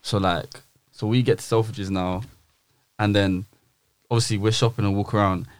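A young man, a podcast guest telling a story in relaxed, laid-back slang. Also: lowish voice, moderate pace, dry recording. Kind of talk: casual storytelling.

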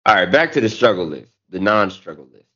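Lowish guy cohosting, crude jokey chat, kinda muffled lo-fi audio. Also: big pitch swings, fairly quick, sharp tone, husky. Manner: loose, joking, crude banter. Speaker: podcast co-host. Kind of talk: casual chat. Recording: dull lo-fi sound.

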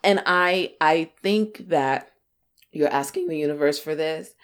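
Young woman, casual podcast chat, animated, acts out quotes, frequent laughter. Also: low-pitched, unhurried, clean tone. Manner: laughs often. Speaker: podcast co-host.

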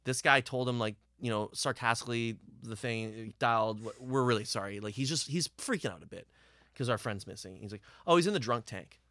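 A man's voice: medium pitch, a little fast, sharp tone, dry recording, studio quality. A man casually telling a rambling road story from touring with his band, swearing freely.

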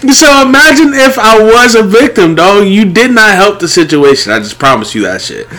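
A young man chatting casually, telling an animated story full of slang and swearing. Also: high-pitched, moderate pace. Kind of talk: casual chat.

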